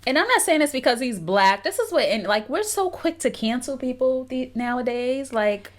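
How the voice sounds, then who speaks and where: Lively, blunt woman podcaster. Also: high voice. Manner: blunt, skeptical, quick to laugh. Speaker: podcast co-host. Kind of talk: casual chat.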